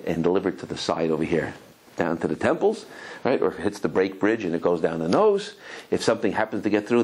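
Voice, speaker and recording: A man teaching a Torah class as a rabbi, telling stories in an animated, digressive way and often repeating words. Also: deep voice, slightly rough. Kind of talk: Torah lecture with storytelling.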